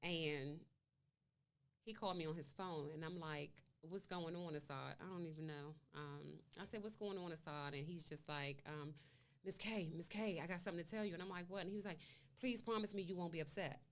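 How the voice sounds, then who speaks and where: A woman with a somewhat low voice sits for an interview as a guest. She is a mother recounting events in a long conversational story. She acts out each quoted line of dialogue as she goes. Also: steady tone, brisk.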